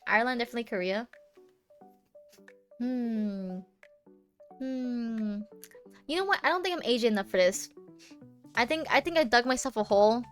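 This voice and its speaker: A woman's voice: fairly high pitch, moderate pace, long pauses, faint music behind. A young American woman streaming live, chatting casually and playfully with many restarts. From United States.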